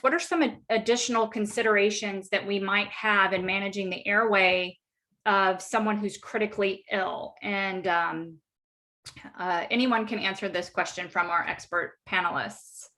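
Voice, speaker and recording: A woman moderating an online medical education panel, speaking in a measured, thoughtful way with frequent ums. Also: mid-range voice, steady tone, sharp tone.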